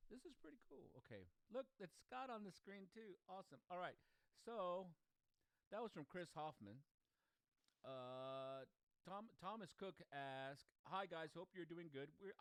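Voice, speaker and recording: A man's voice: fairly high pitch, expressive, measured pace, clean tone, no echo, studio quality. A man hosting a casual livestream chat, talking to himself as he fiddles with his settings. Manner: chatty, talks to himself while fiddling with settings. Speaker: host.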